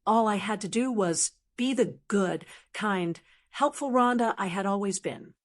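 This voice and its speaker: An older woman narrating a first-person audiobook story in a calm, measured, steady way. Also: medium pitch.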